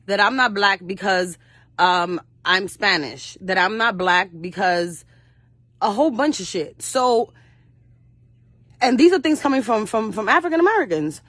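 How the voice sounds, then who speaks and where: This interview guest, a young actress, recounts her own stories passionately at a measured pace, her medium-pitched voice fairly bright and lively in intonation. She curses a lot, speaks bluntly and fiercely, and performs the voices of her mother and others. No echo is present.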